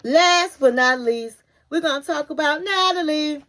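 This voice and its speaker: Chatty woman spilling reality show tea, high bright voice, folksy and easygoing. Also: unhurried. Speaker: reality TV recap host. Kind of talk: casual gossip recap.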